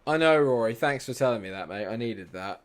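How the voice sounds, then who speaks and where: A young man streaming a football management game, talking back to the game and his chat and swearing often. He drops into low mutters, then breaks into sudden shouts. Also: lively intonation, a little fast. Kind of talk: live gaming commentary.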